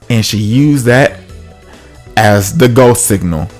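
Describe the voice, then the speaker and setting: A man's voice: fairly low pitch, measured pace, faint music behind. A man casually telling a comic personal story, acting out the other people's voices.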